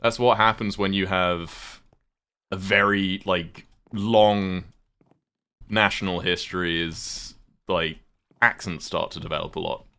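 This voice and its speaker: A man's voice: sits low, steady tone, slow pace, sharp tone, smooth. A British man chatting casually on a livestream while gaming, rambling, swearing offhand and thanking viewers. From United Kingdom.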